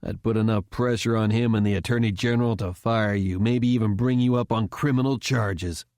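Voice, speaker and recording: A man voicing a furious retired general who speaks in a low, cold, threatening way. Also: fairly even intonation, a little fast, darkish tone, dry recording, clean studio sound, natural voice. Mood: menacing.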